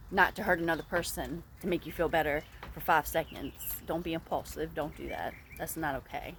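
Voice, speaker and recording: A woman's voice: sits low, slight background noise. Emphatic woman giving blunt vlog advice. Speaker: vlogger.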